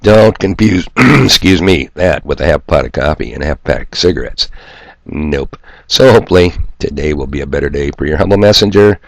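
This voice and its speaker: A man with a very low, gravelly voice and a nasal twang delivers a profane, sarcastic rant straight to his viewers. He sounds stuffed up from hay fever and mocks himself as he goes, and the recording is dry and close. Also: lively intonation, fairly quick, no echo. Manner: sarcastic, profane, self-mocking. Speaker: solo video commentator. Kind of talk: ranting monologue to viewers.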